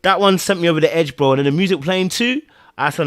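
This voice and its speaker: A man hosting a podcast, giving emotional, animated commentary on a TV episode, sighing and swinging between loud bursts and quiet murmurs. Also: on the high side, quick pace. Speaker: podcast host reviewing a TV episode.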